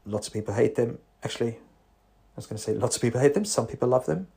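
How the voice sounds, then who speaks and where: A man's voice: medium pitch, fast talker, creaky, warm tone, husky. A man, a psychotherapist talking in a rambling, wry voice-note monologue. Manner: rambling, self-interrupting, wry.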